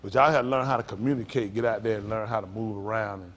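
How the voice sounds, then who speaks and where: A middle-aged male pastor preaching to a congregation, rambling through folksy stories and jumping to loud emphasis. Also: on the low side, quick pace.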